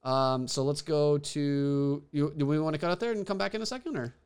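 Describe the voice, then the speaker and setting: A man's voice: fairly high pitch, a little fast, a little mellow, smooth. A young man co-hosting a podcast in casual, enthusiastic chat, rambling with fillers and restarts. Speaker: podcast co-host.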